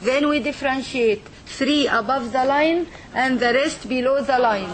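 Her voice sits high and her pace is measured. She's a language teacher running a lesson for a group of students, patiently demonstrating sounds and pausing to ask "okay?".

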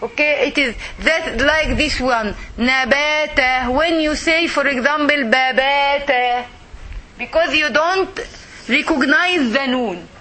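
A woman teaching a Quran recitation class, slow and patient, repeating words for her students to echo. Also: high voice, pushed and bright.

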